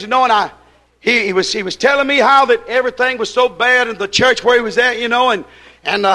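A man's voice: high-pitched, bright, forceful tone. A man preaching a sermon in a folksy, emphatic way, retelling a conversation with one "I said" after another.

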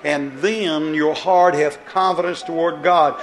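A man's voice: fairly high pitch, steady tone, a little slow, reverberant, faint music behind. A man preaching a fiery sermon, pleading and throwing rhetorical questions at the congregation.

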